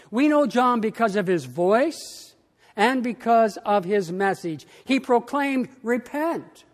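Pastor, male, high-pitched, slow and measured sermon delivery, reverberant church. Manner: measured preaching with emphatic pauses. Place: church sanctuary.

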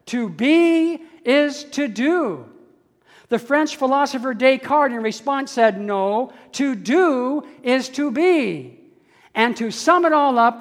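An older man from Canada preaching a sermon, with measured delivery and slow emphatic stresses on key words. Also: extremely high pitch. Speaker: pastor. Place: church sanctuary. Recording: church hall with long reverb.

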